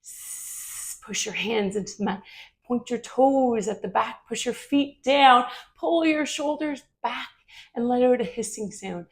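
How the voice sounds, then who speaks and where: A woman leading a children's yoga story in a gentle, questioning way. She talks slowly, with a gravelly fry in her voice. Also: on the high side. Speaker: kids yoga teacher.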